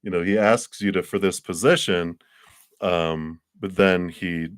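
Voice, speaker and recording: A man with a very low, deep voice talks through a live tarot reading in a loose, chatty way. He laughs often and slips into little acted-out voices for the people he describes. The sound is close and dry, with no room around it. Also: steady tone, measured pace, smooth, no echo. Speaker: tarot reader.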